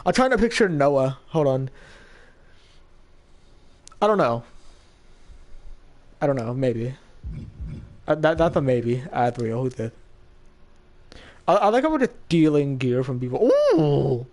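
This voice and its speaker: A young man chatting excitedly as he comments on his own gameplay, laughing often. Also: mid-range voice, measured pace, long pauses. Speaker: gaming YouTuber.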